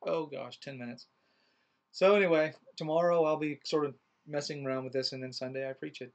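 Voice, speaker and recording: Wry gravelly middle-aged minister. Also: male voice, fairly high pitch, steady tone, fairly quick. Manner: rambling, wry, thinking aloud. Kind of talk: casual vlog musing. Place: church, alone.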